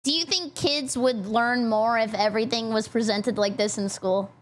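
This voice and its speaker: Bubbly high-voiced young woman streamer. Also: moderate pace, a little hiss or hum. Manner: bubbly, giggly, jokey asides. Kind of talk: live-stream reaction commentary.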